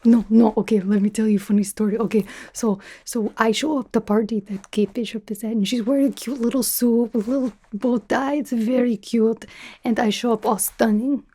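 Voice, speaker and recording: Girl doing a cocky spy lady, whispered role-play, softish and a bit high, rambling and teasing. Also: fairly even intonation, fairly quick, natural voice. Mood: playful teasing. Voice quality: soft, half-whispered, rambling. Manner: teasing, chatty, self-absorbed, drops articles. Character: brash, teasing female spy interviewing a recruit. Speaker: ASMR creator.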